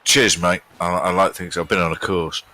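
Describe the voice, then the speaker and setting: Deep, bright-toned man chatting. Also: fairly even intonation, normal speed, no echo. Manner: dry, joking, mock-earnest. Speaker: streamer playing a game. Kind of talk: casual chat over gameplay.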